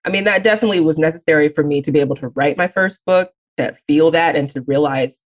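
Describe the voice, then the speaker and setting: Soft-spoken author, lo-fi sound. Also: mid-range voice. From Alabama. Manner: thoughtful, with many "um" pauses and soft laughs. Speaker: author, interview guest. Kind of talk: reflective conversational interview answers. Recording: slightly dull, lo-fi sound.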